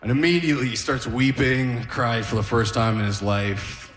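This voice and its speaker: A man's voice: medium pitch, steady tone, moderate pace, few pauses, fairly bright tone. A man in his thirties doing a rambling, self-deprecating stand-up set, often chuckling at his own jokes. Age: 30s. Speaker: stand-up comedian. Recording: roomy reverberant room.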